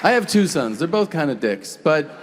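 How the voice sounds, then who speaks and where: A brash man in his forties performs stand-up on a theater stage, his lively, swooping voice carrying profane stories into a handheld mic. The sound rings with a long hall reverb, and a live audience is clearly audible behind him. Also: fairly high pitch, normal speed, a faint crowd, a little hiss or hum. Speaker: stand-up comedian. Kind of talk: stand-up comedy.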